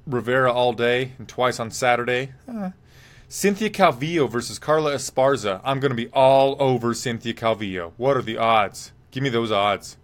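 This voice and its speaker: A man's voice: mid-range voice, moderate pace. A man hosting a live MMA podcast, talking casually and rambling, reading viewer comments aloud and giving blunt picks. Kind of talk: casual live-stream fight talk.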